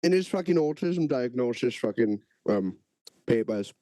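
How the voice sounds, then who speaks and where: A man's voice: mid-range voice, animated, warm tone, dry recording. Male podcast co-host, playful and sweary, dry close sound. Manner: joking, sweary, quick to laugh. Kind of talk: casual chat.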